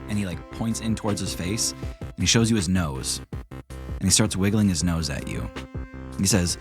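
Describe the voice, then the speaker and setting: A man running a tabletop game as its game master, describing scenes in a casual, rambling way. His voice is fairly low, with soft music playing underneath. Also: normal speed. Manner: casual, loose narration with many fillers.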